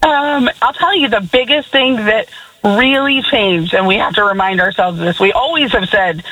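A young woman on the line to a radio show, talking earnestly and laughing often. Her voice is bright and her sentences wander. She sounds open and eager as she shares. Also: medium pitch, moderate pace, low-quality recording. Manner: giggly, earnest, rambling. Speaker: caller. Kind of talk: casual phone-in chat.

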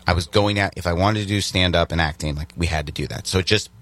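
A man's voice: low voice, quick pace. A young man from Virginia, a stand-up comedian, telling stories in casual chat with lots of restarts. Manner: animated storytelling with many restarts.

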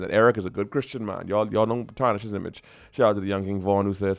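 Man hosting a lively radio show. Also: on the low side, fast, vocal fry. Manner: lively, laughing, playful banter in local dialect. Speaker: radio host. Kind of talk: casual radio chat. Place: radio studio.

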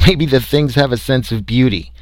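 A man voicing a hearty space explorer who teases loudly. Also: medium pitch, normal speed, dry recording, pitched above the performer's own voice, lightly acted. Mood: teasing. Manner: loud, laughing, teasing.

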